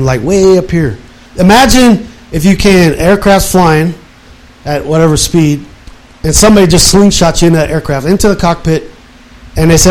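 Man in his fifties, slightly high voice, animated, acts out his own past words, casual testimony. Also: low-quality recording. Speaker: guest telling his life story.

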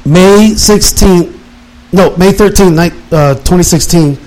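Animated retired military man. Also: high voice, measured pace, rough recording. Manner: animated, acts out his own past words. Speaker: guest telling his life story. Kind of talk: casual personal testimony.

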